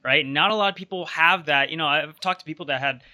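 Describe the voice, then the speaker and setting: A man hosts the interview and asks reflective questions, often hedging with "like" and "you know". His voice is very bright and sharp, pitched a touch above the usual for a man. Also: quick pace. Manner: thoughtful, hedging with fillers. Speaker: interview host.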